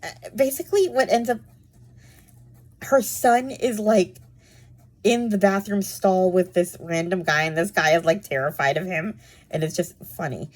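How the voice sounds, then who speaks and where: Brief: woman with a lowish voice, casual rambling book chat, full of fillers. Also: a little slow. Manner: chatty, rambling, many "like" and "um" fillers. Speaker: book reviewer.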